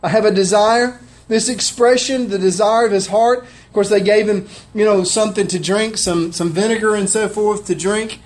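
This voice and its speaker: A man's voice: high voice, fairly even intonation, moderate pace, few pauses. A man preaching a sermon, conversational and heartfelt, often asking his listeners questions. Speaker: pastor.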